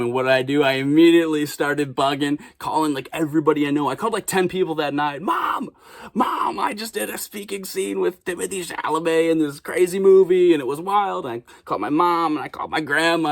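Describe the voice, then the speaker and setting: A man's voice: mid-range voice, no room sound, studio quality. A young man from Chicago telling a story casually as a vlogger, swearing freely and acting out other people's lines. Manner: animated, acts out quotes in raised voices, swears freely.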